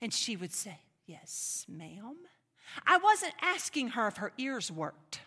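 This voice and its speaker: A woman preaching a sermon in an animated, emphatic way, slipping into playful mock voices to make her points. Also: on the high side, normal speed, long reverb tail.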